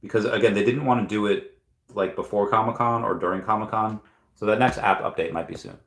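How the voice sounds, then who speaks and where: A man's voice: lowish voice, steady tone, brisk, fairly bright tone, roomy sound. A man hosting a casual livestream from home, reading viewer comments aloud and thinking aloud with lots of fillers. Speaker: crypto livestream host. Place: room at home at night.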